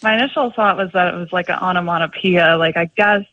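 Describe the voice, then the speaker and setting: A woman's voice: on the low side, quick pace, no room sound. A young woman calling in to a radio show, chatty and full of fillers as she tells a story. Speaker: caller. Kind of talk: phone-in chat. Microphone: telephone. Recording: slightly muffled phone call.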